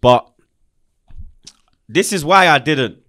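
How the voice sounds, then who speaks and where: A young man rants about football in a lively, up-and-down voice, heavy with street slang and emphasis. The sound is dry and close, with no room around it. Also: fairly high pitch, takes it slowly, no echo. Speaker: football fan show host. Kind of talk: heated casual football chat.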